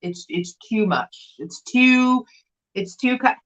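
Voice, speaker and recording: A middle-aged woman chatting casually as co-host of a live vintage sale from a room at home, telling stories in an animated way. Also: fairly high pitch, slow, dull audio. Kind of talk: casual chat. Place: home room with window blinds.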